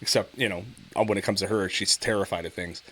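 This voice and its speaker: A middle-aged podcast co-host chats casually, swearing freely and laughing a lot as he tells family stories. His deep, slightly bright voice is fast, with fairly even intonation.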